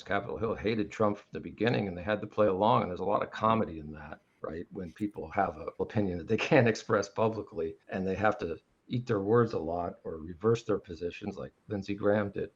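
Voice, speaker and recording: A man's voice: lowish voice, a little fast, husky. A man, a guest cartoonist, speaking fluently and explaining his point in a casual panel chat. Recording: dull lo-fi audio.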